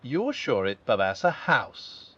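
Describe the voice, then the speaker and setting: An eager, bumbling little teddy bear who speaks in halting, hesitant bursts, as a male reader does the voice. His pitch bounces around a good deal. The sound is dull and lo-fi. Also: big pitch swings, bright, forceful tone, full character voice. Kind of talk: storybook reading.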